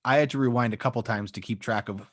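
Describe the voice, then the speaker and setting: A man's voice: medium pitch, quick pace, fairly bright tone. A man co-hosting a podcast, chatting casually about a movie and often hedging with "like" and "um". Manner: rambling, hedging with "like" and "um". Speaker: podcast co-host. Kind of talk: casual chat.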